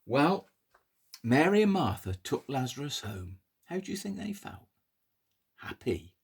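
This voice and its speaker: A man telling a Bible story to toddlers in an animated, sing-song way, coaxing the children to pull faces. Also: medium pitch, measured pace, creaky, breathy edge.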